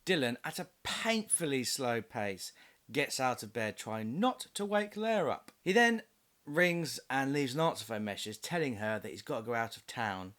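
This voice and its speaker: A man's voice: mid-range voice, animated, moderate pace, fairly bright tone. A man doing a comedic voice-over review of a film, sarcastic and mocking, with frequent laughs.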